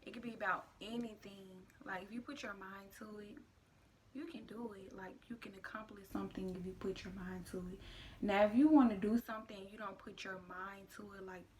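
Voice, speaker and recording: A young woman telling a personal story in a vlog. She speaks casually and in a hushed voice, often slipping into a whisper and using a lot of "like" fillers. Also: mid-range voice, steady tone, a little fast, a little hiss or hum. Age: young adult. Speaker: vlogger.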